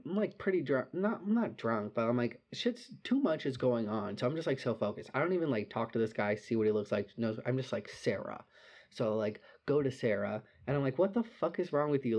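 A young man telling a drunken night-out story in casual chat, animated and full of "like" and swearing. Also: mid-range voice.

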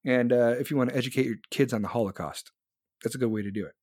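A man's voice: medium pitch, fast, darkish tone, no room sound, clean studio sound. A man in his forties hosting a live podcast, ranting angrily and bluntly with heavy swearing while reading chat. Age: 40s. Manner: angry, profane, blunt. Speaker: podcast host.

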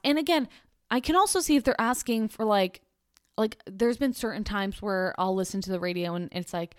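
Speaking a little fast in a mid-range voice, a podcast host in her twenties rambles chattily through her casual solo show, leaning heavily on "like" and often restarting. There is no room sound, and the audio is clean studio quality.

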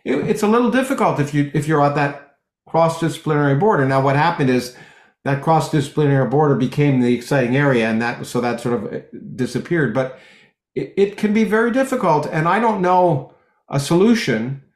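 A middle-aged man, a physicist guest in an interview, talking in long rambling stretches full of restarts and lively anecdotes. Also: a little high, a little fast, echoey room. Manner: rambling with many restarts, animated when telling jokes. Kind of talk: conversational interview, anecdotal storytelling.

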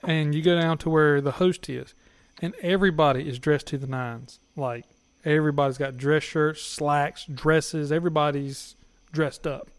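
A man's voice: fairly high pitch, flat delivery, moderate pace, clean tone, no echo. Man telling crude stories, laughing often. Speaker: podcast guest. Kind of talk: casual storytelling chat.

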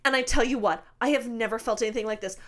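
A woman in her thirties telling a spooky personal story in casual chat, animated, swearing freely and laughing often. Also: on the high side, quick pace. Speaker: podcast co-host.

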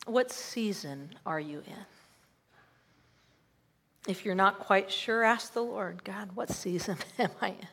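A woman leading a church congregation in guided prayer, reading scripture aloud gently and pausing between phrases. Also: mid-range voice, breathy edge. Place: church service.

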